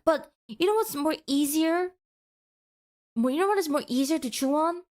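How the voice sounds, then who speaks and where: A woman's voice: high voice, lively intonation, normal speed, darkish tone. A woman streamer giving a mock-passionate, teasing rant to her chat in a playful, dramatic way.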